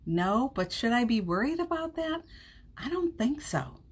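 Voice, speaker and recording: A woman hosting a live-streamed motivational podcast from home, chatting warmly, laughing often and reading viewer comments aloud. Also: on the high side, very animated, measured pace, slightly rough. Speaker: podcast host. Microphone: streaming setup at home.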